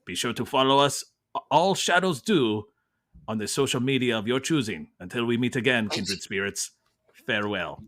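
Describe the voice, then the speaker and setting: A man's voice: medium pitch, animated, moderate pace, fairly bright tone, no echo, studio quality, lightly acted. A man putting on a theatrical faux French accent as a pompous gothic narrator. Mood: grandiose.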